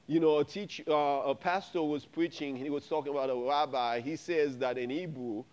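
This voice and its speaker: A man preaching in church. His voice sits high, and he drives his points home with repetitions and rising exclamations. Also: darkish tone. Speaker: pastor. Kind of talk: sermon. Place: church sanctuary.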